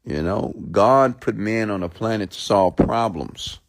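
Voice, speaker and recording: Blunt man ranting, low voice. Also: unhurried. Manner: blunt, preachy, keeps checking in with "okay?"; reads out viewer comments. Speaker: host. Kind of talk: live-stream rant to viewers.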